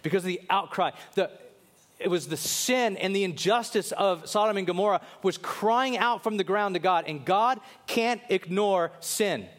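A man preaching a sermon, swinging from loud emphatic questions to low, quiet lines and acting out biblical characters in quick asides. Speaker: pastor.

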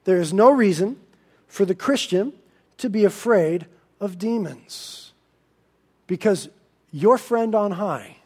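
A male pastor preaching a sermon in an animated, emphatic way, swinging between loud and soft. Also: sits high, slow, long pauses.

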